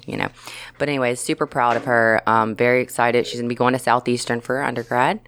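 A woman's voice: rumbling low, flat delivery, fast talker. A woman in her forties hosting a podcast, chatting casually and laughing often. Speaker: podcast host.

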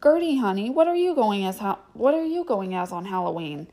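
A woman's voice: mid-range voice, big pitch swings, brisk, warm tone. Woman voicing Mary, a frazzled, exasperated mom. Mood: bright. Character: harried single mother, wry and weary.

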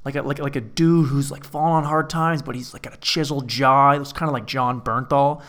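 A man's voice: mid-range voice, fairly even intonation, brisk, fairly bright tone. A man alone in an empty apartment, talking through a rambling, profane comedic monologue full of restarts.

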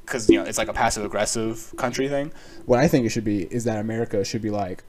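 A man's voice: medium pitch, fast talker, darkish tone. A young man hosting a solo podcast, rambling casually with lots of swearing, filler words and sarcastic asides. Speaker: podcast host.

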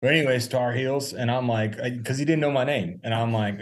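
A man co-hosting a podcast, telling casual stories with lively quoted dialogue and frequent laughter. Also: mid-range voice, a little fast. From North Carolina. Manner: animated anecdotes, acts out quoted voices, laughs often. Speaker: podcast co-host. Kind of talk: casual chat, storytelling.

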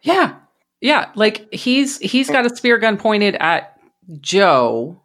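A woman's voice: medium pitch, very animated, slow, a bit bright. A woman hosting a podcast, recapping a film in casual chat, swearing freely and laughing in disbelief. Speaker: podcast host.

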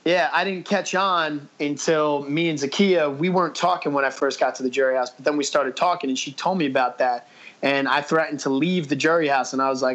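A man's voice: on the high side, fairly even intonation, quick pace, a bit bright, highs cut off. Brash, swearing man telling stories. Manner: profane, quotes himself with "I was like"; blunt and brash. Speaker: podcast guest. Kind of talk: casual interview storytelling.

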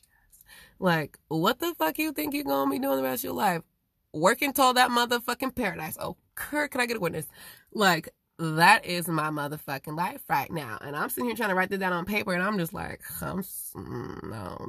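A woman in a rambling, profane casual monologue, swinging between loud emphatic outbursts and low muttering. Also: dry recording, clean studio sound.

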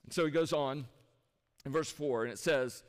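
Speaking at a moderate pace in a fairly high-pitched voice, a pastor delivers a conversational sermon from the front of the sanctuary, peppering the congregation with rhetorical questions. Long reverb from the hall is audible.

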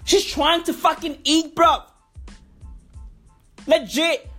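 High-voiced woman on a crude comedic rant. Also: animated, slow pace, a bit bright, faint music behind. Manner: crude, repeats slang tags, mock-serious.

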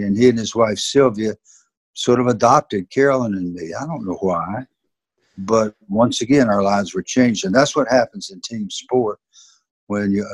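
Older Southern man, ex-coach guest, husky low voice, earnest storyteller. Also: darkish tone, no echo. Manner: earnest, emphatic. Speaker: former football coach, interview guest. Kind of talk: reflective storytelling in an interview.

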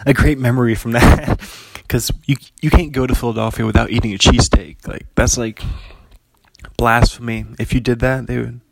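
A man's voice: mid-range voice, steady tone, moderate pace, vocal fry, dry recording. Rambling, laughing young man. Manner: rambling, laughs often, lots of likes. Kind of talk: casual chat.

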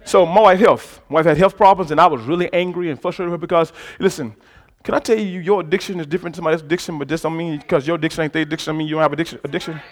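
A man preaching a sermon to a congregation, moving between quiet conversational asides and loud shouted stretches, calling for the crowd's responses. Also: on the high side, expressive, rapid-fire, few pauses. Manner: talks directly to the congregation with call-and-response prompts. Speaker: pastor.

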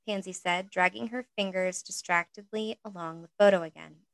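A woman's voice: on the low side, steady tone, normal speed, vocal fry, few pauses, dry recording, low-quality recording. A woman reading a story aloud in a casual way, breaking off now and then for chatty asides of her own. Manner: reads narration with chatty asides and laughs. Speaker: reader.

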